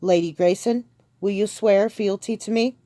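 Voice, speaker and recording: A woman's voice: mid-range voice, fairly even intonation, normal speed, mellow, dry recording, close to an everyday voice. A woman narrator voicing a resolute young king giving a rousing speech to his people. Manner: rousing, speech-making delivery.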